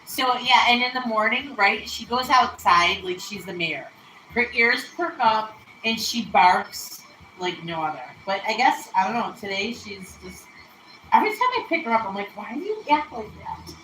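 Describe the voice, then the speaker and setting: A woman hosts a casual home cooking livestream from an echoey kitchen, her mid-range voice expressive, pushed, and bright at a moderate pace, with slight background noise. She chats easily, giggles, and laughs often.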